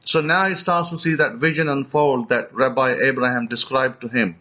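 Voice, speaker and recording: In a storytelling teaching, a man preaches with a medium-pitched, steady, sharp voice at normal speed, though the audio sounds dull. He retells an account animatedly, frequently repeating or restarting his words.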